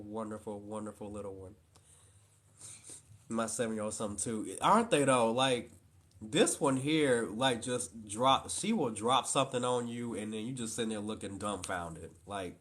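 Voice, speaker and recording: A playful father chats on a casual live stream, teasing gently and joking along. He keeps speaking straight to his viewers, calling them "y'all". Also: fairly low pitch, normal speed.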